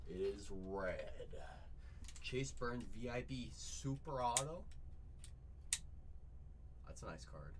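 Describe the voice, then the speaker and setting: A man hosting a live card break from a shop, excitedly chatting with viewers, repeating catchphrases and calling out their names. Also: on the low side, slow pace, long pauses, breathy edge. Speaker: livestream card break host. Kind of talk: excited live sales chat.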